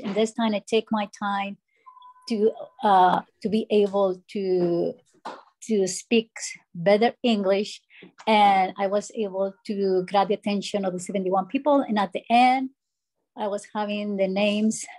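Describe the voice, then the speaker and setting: A woman on a group call sharing a story in halting second-language English, often restarting her phrases. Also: medium pitch, darkish tone, rough recording. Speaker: call participant.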